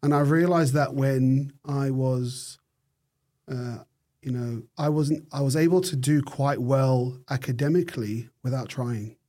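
A middle-aged man from the United Kingdom, a neurosurgeon guest telling his story in an interview with thoughtful pauses and frequent restarts. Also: mid-range voice, steady tone, mellow.

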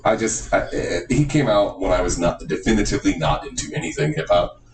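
A man co-hosting a podcast in casual chat, rambling, animated and swearing freely. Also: low voice, fairly quick. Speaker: podcast co-host. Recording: echoey room, far from mic, noisy.

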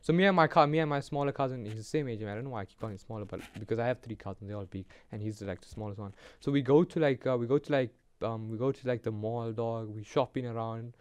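A man's voice: mid-range voice, quick pace, hardly any pauses, a little mellow, clean tone, no room sound. A young man with a South African accent, hosting a podcast and rambling through a story in casual slang over a video call. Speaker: podcast host. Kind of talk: casual chat.

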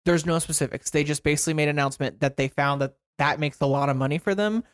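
A man's voice: a little high, quick pace. A young man co-hosting a casual movie podcast, talking loosely with lots of "like" and "um". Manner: filler-heavy, lots of "like" and "um". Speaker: podcast co-host. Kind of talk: casual movie news chat.

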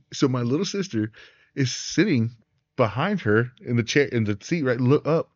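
A man co-hosting a casual podcast chat, telling an animated story with lots of "right?". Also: mid-range voice, normal speed, no echo, lo-fi sound. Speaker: podcast co-host.

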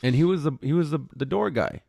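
A man's voice: a little high, quick pace, vocal fry, dark tone, no echo, studio quality. A man co-hosting a podcast, dropping in brief questions and short reactions in casual chat. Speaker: podcast co-host.

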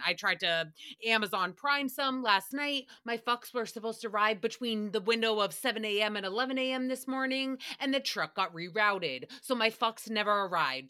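A woman hosting a podcast, recapping a radio show in a casual, sarcastic and profane way, often breaking into loud laughs. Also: mid-range voice, no room sound, studio quality.

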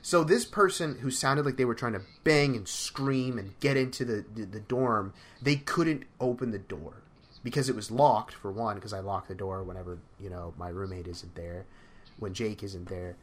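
A young man co-hosting a podcast, telling a story in a relaxed, hesitant way that trails off. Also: lowish voice, moderate pace. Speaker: podcast co-host. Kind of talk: casual chat.

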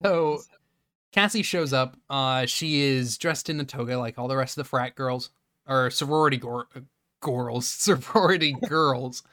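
A man co-hosting a comedy podcast who recaps a movie in casual, rambling chat and slips into quick quoted voices for its characters. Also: mid-range voice, bright, forceful tone, no echo, clean studio sound. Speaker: podcast co-host.

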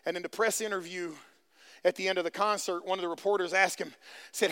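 Man, pastor, high and bright tone, fiery call-and-response sermon. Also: lively intonation, a little fast. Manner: calls out to the congregation, repeats phrases for emphasis. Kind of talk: energetic sermon preaching.

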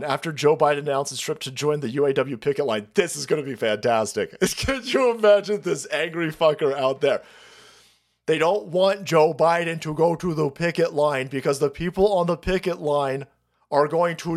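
A man hosting a livestream, ranting about politics in a crude, mocking way with many restarts. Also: on the high side. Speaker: livestream host. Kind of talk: profane political rant.

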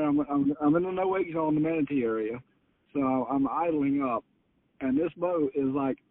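Fired-up, gravelly fishing captain. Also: male voice, mid-range voice. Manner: fired-up, profane storytelling. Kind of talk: casual podcast storytelling. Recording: tinny phone-like audio.

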